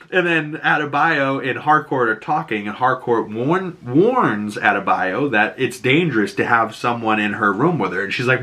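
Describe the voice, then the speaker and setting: A man with a Boston accent hosts a casual TV recap, his voice bright and forceful. He laughs often and slips into high put-on voices to act out lines. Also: animated, normal speed, hardly any pauses. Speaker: YouTube show host.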